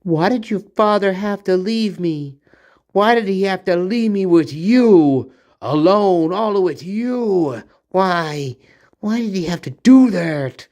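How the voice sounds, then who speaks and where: A man's voice: sits high, animated, takes it slowly, darkish tone, pitched above the performer's own voice. A man putting on a whiny, accusing mother. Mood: whining. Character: nagging, self-pitying mother, whining and accusing.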